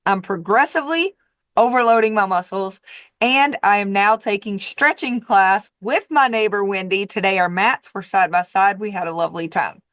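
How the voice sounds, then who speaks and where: A woman's voice: medium pitch, moderate pace, fairly bright tone, no echo, clean studio sound. A woman diet coach giving a casual motivational monologue, emphatic and repetitive, with the occasional swear word.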